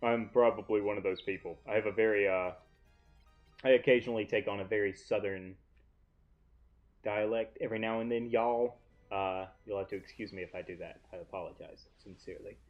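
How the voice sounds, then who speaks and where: A man's voice: on the low side, steady tone, fairly quick, phone-quality sound, soft background music. A young man hosting a casual gaming playthrough from his living room, rambling and self-deprecating as he talks. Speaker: let's play host. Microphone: desk mic off to one side, often facing away.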